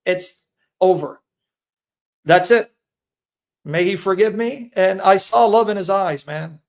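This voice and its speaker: Man, high-pitched voice, earnest and repetitive, emotional livestream statement. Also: slow pace. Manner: earnest, repetitive, addresses listeners as brethren. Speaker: Christian apologist livestream host.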